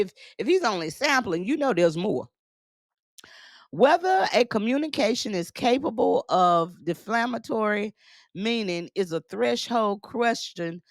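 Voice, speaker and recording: A woman's voice: medium pitch, vocal fry, no room sound, clean studio sound. Emphatic woman reading a court order. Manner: emphatic, repeats phrases, laughs at the text. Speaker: news commentator.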